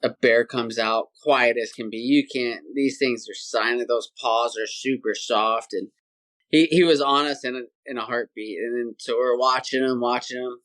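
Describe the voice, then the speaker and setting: A man, a podcast guest telling a hunting story in a lively, casual way and acting out sounds and voices. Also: mid-range voice, moderate pace. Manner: animated, acts out sounds and voices.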